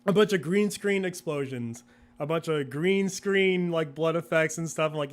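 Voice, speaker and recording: A man's voice: on the high side, moderate pace. A young man chatting as an interview guest, rambling and laughing often, acting out his own thoughts in quotes. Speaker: guest, video creator. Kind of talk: casual interview chat.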